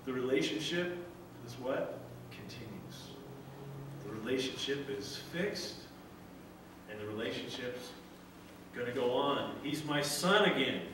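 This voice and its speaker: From far off in an echoey church sanctuary with background noise, a middle-aged pastor preaches earnestly at a measured pace. His medium-pitched, animated voice often restarts phrases as he acts out a father's words.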